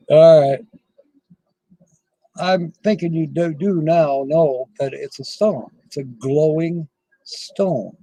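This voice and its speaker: A middle-aged man hosts a casual livestream, talking at an unhurried, rambling pace and chuckling between thoughts. His voice is husky and mellow, sitting a little high for a man. The sound is close and dry. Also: dry recording, poor audio. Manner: slow, rambling, chuckles often. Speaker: livestream host.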